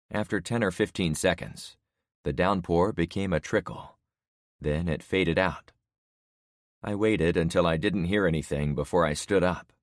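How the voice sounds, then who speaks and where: Male narrator, very low pitch, steady measured first-person storytelling, dead-dry booth. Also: no room sound. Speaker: audiobook narrator.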